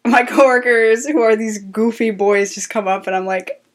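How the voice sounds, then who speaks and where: A woman's voice: on the high side, moderate pace. Chatty young woman telling a story. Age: 20s. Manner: storytelling, acts out quotes, lots of "like". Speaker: podcast co-host. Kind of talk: casual chat.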